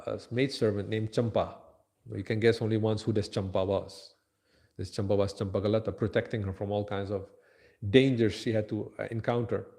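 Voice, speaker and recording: A man's voice: fairly low pitch, vocal fry, darkish tone. A man giving a daily devotional lecture at a temple. He tells scriptural stories in English and drops in Sanskrit and Hindi verses.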